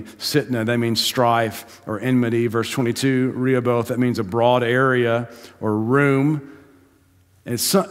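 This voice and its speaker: Man preaching, pastor, conversational storytelling, mid-pitched voice, long reverb of a church hall. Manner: conversational storytelling with laughs and rising emphasis. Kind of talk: sermon.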